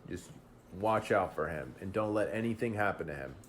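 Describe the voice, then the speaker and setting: A man's voice: deep voice, lively intonation, fairly quick, a little hiss or hum. A man voicing a weary, stern male master who gives in grudgingly. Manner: grudging, curt.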